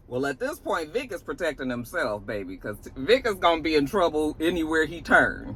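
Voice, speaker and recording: A woman's voice: deep voice, normal speed, few pauses, slightly rough. A woman giving a sassy, casual recap of a TV episode as the show's reviewer. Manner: sassy, animated, cursing. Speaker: TV show reviewer.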